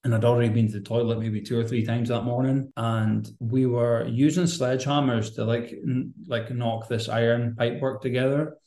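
A man's voice: medium pitch, little pitch movement, normal speed, hardly any pauses, dark tone, roomy sound. A man, a podcast guest telling a candid personal story in a rambling, earnest, conversational way.

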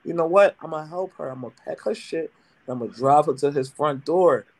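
Co-host, man, high voice, blunt skeptical banter. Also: brisk, darkish tone. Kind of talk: casual podcast chat.

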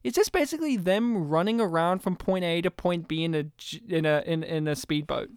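A woman's voice: lowish voice, fairly quick, smooth, no echo, studio quality. A woman co-hosting a podcast, retelling a film in casual chat, laughing often and imitating the characters. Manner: laughing, animated storytelling with imitations. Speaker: podcast co-host. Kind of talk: casual movie review chat.

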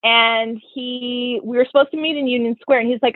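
A young woman with a fairly high, husky voice tells a long personal story to a friend. She is frank and profane, and she quotes both sides of every exchange. The audio is dry, narrow and phone-like. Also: brisk, hardly any pauses, dry recording. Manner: animated, profane, quotes people in her stories. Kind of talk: casual storytelling chat. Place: New York.

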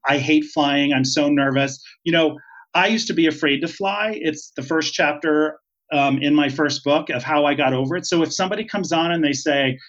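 A chatty, emphatic man speaks as a podcast guest. His voice is fairly high for a man. The recording is dull and lo-fi. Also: fairly quick, a bit bright. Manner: chatty and emphatic, laughs easily. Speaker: podcast guest, retired flight attendant. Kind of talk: casual interview. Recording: dull lo-fi sound.

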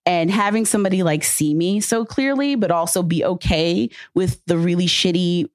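A woman on a podcast, candidly telling a personal story in casual chat, animated and full of fillers. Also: on the low side, moderate pace, hardly any pauses, no echo. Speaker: podcast guest.

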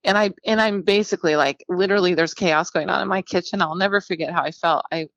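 A woman's voice: on the low side, quick pace, fairly bright tone, no echo. A woman in her fifties from central California, telling her own story as a guest in a chatty, candid way with a self-deprecating sense of humor. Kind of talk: personal storytelling interview. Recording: dull lo-fi sound.

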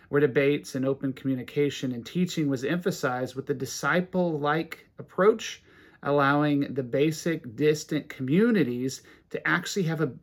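A man preaching a sermon, animated and rising to emphatic peaks, reading scripture aloud between his comments. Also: mid-range voice. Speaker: pastor.

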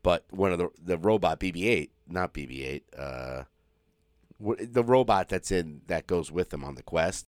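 A man's voice: low-pitched, lively intonation, normal speed, dry recording, studio quality. A man co-hosting a podcast, chatting casually, rambling with restarts and swearing freely. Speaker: podcast co-host. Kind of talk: casual chat.

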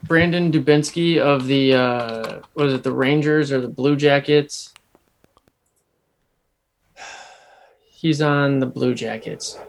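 A man's voice: medium pitch, slow pace, creaky, long pauses. A young man co-hosting a casual sports podcast, talking emphatically with frequent restarts. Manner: animated, restarts a lot, emphatic. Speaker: podcast co-host.

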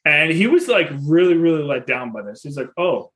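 A man in his thirties, a father and podcast host, telling a story in a lively, casual way and laughing often. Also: fairly high pitch, normal speed, few pauses.

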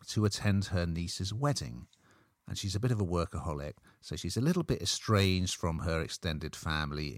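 A man's voice: low-pitched, no echo, studio quality. A man presenting a casual TV review chat, chatty and upbeat, laughing easily.

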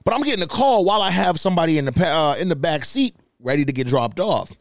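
A young man hosting a podcast, telling stories in a profane, animated, casual comedic way, jumping higher in pitch when outraged. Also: quick pace, no echo, studio quality. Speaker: podcast host.

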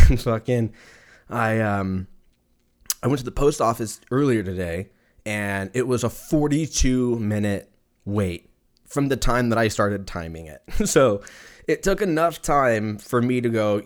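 A man's voice: medium pitch, lively intonation, measured pace. Profane, rambling male podcast host. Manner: rambling, profane, laughs often. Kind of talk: casual solo podcast rant. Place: lives in Texas.

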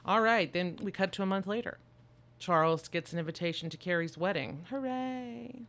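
A woman co-hosting a podcast, recapping a movie in casual chat with an animated, joking, irreverent manner. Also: lowish voice, brisk. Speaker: podcast co-host.

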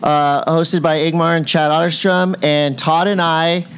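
A man's voice: on the high side, level tone, fairly bright tone, clean tone. A middle-aged man co-hosting a podcast, teasing his partner and reading ads in casual chat. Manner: jokey, teasing and quick-witted. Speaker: podcast co-host.

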